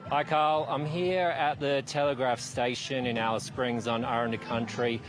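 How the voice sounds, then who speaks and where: A man's voice: medium pitch, flat delivery, moderate pace, music in the background. A man with an Australian accent reporting live from an outdoor park event, conversational with a few fillers. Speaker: field reporter. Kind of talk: live cross from location.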